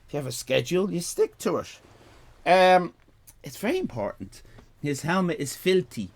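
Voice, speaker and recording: A man's voice: a little high, animated, normal speed. A man in his fifties with an Irish accent, chatting casually on a live stream, rambling, repeating himself and joking with his chat. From Ireland. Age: 50s.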